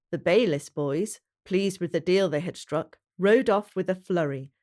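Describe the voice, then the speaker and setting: A woman reading a historical novel aloud as audiobook narrator, measured and even. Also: lowish voice. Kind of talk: storybook narration.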